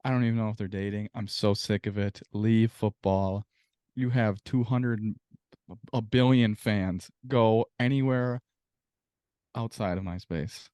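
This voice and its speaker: A man's voice: fairly low pitch, a little slow, a little mellow, smooth, dry recording, clean studio sound. A man co-hosting a casual sports podcast, venting in a profane, exasperated rant. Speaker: podcast co-host.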